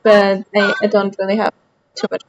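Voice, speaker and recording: A woman's voice: mid-range voice, completely flat delivery, moderate pace, dull audio. A woman with a light Austrian accent, chatting casually with her stream chat while playing a game, rambling as she goes.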